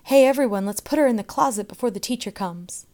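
Woman reader doing a jeering storybook schoolboy, raised pitch, shouted taunts. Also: big pitch swings, normal speed. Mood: taunting. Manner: taunting, loud and harsh. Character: cruel shouting schoolboy, bully.

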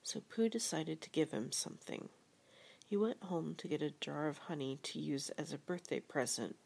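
A woman reading a gentle storybook text aloud in a soft, half-whispered, breathy way. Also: low voice. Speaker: reader.

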